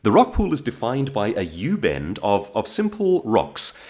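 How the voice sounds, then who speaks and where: A man's voice: lowish voice, a little slow. A man from South Africa with a South African accent, telling stories in a casual monologue to camera with frequent restarts. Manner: animated storytelling with frequent restarts. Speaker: vlogger.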